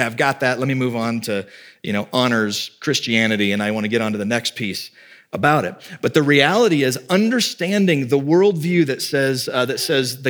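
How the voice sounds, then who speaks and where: A male pastor delivering a sermon in an easy, conversational way, leaning into key lines and then tossing off wry little asides. His voice sits at an ordinary male pitch, neither deep nor high. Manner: conversational preaching with quick asides.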